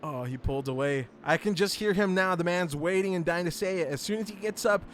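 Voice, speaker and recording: A man giving live sim racing commentary, excitable and joking, laughing often. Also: high-pitched, a little fast, slight background noise.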